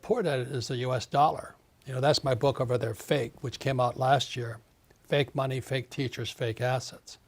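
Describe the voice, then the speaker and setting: A man's voice: a little high, slightly rough. A man in his seventies, an author and investor giving an interview, talking emphatically and repeating his points. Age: 70s. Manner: emphatic, ranting, repeats phrases. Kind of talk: casual interview talk.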